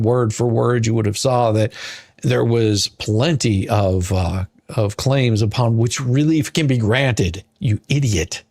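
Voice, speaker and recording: A man's voice: medium pitch, a little mellow, dry recording, studio quality. A man reading a court filing aloud and ranting at it, exasperated, sarcastic and insulting. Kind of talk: ranting commentary.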